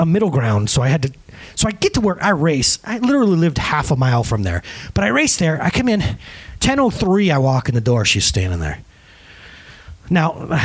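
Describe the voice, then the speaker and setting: A man's voice: fairly high pitch, breathy edge. A middle-aged man preaching a sermon to a congregation, joking and acting out the people in his stories. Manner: animated, joking, acts out quotes. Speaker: pastor. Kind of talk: sermon with storytelling.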